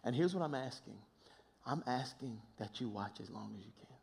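A man preaching a sermon, swinging between hushed, near-whispered passages and loud, impassioned shouting, often repeating words as he builds. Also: mid-range voice, lively intonation, moderate pace, gravelly. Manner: repeats words and restarts phrases in bursts.

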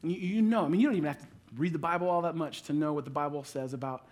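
A man in his thirties preaching a sermon, playful and storytelling, acting out little everyday scenes with quick asides. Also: a little high, a little mellow. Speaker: pastor.

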